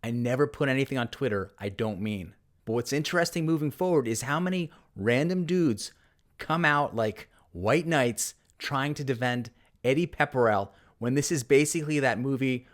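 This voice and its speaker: A man hosting his own golf channel, telling a story and reading posts aloud in a sarcastic, mock-dramatic way. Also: mid-range voice. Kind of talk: narrated commentary reading tweets aloud.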